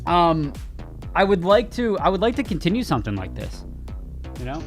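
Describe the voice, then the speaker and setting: A man hosting a live gaming news stream, joking with his viewers and laughing often. His voice sits a bit high, and faint music plays underneath. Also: very animated, normal speed. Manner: joking, talks straight to chat, laughs often. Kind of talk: casual live-stream chat.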